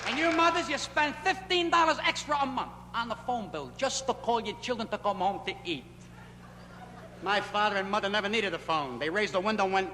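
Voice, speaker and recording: High-voiced nightclub comic. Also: male voice, brisk. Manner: punchy storytelling with shifting pitch and loudness. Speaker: stand-up comedian. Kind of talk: nightclub stand-up routine. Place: nightclub stage. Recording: echoey club, scratchy 1960s film audio. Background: audience laughter.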